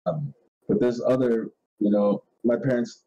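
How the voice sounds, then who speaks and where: A man's voice: medium pitch, steady tone, unhurried, dark tone, lo-fi sound, a little hiss or hum. A man hosting a podcast in casual chat, ranting in a rambling, profane way and laughing often. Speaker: podcast host.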